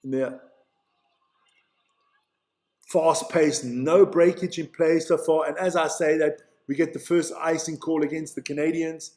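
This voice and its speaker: Speaking a bit high and unhurriedly, with frequent pauses, a man from Switzerland calls live play-by-play for a stream in a chatty, excitable way. He stumbles on player names, reads messages from the chat, and the sound is reverberant.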